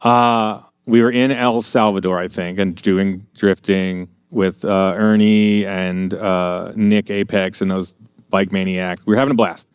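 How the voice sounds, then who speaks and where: A man's voice: deep voice, steady tone, measured pace, smooth, no room sound, studio quality. A middle-aged American man telling profane, rambling anecdotes in a casual podcast chat. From USA. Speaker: podcast guest. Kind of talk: casual storytelling.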